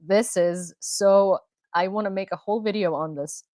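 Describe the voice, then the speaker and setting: A young woman from Ukraine hosting a live-streamed news chat, excitable and rambling, with many restarts. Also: mid-range voice, normal speed, no echo. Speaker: host and independent reporter. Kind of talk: livestream commentary chat.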